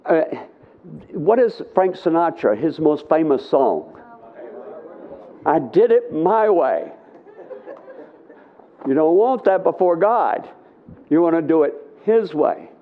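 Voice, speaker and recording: A middle-aged man leads a live conference Bible teaching in an unhurried, conversational way, often pausing to ask his listeners "okay?". His voice sits a little high for a man. The sound is thin and tinny, like a phone line.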